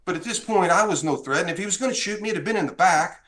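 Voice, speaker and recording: A Texan man appearing as a podcast guest tells a casual story in a high, rapid-fire voice. He is animated and full of feeling, acting out the dialogue as he goes.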